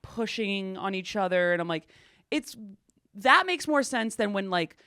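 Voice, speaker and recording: A woman's voice: medium pitch, animated, unhurried, bright, forceful tone, clear, resonant tone, no echo, clean studio sound. A young woman co-hosting a podcast, joking playfully and swearing in casual chat. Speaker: podcast co-host.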